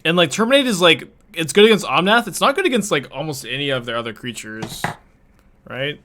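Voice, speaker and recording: A man's voice: a little high, lively intonation, a little fast, a bit bright, slight background noise. A man streaming a card game, thinking his plays through aloud in casual chat and answering viewers' questions as he goes. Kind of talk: casual live-stream gameplay commentary.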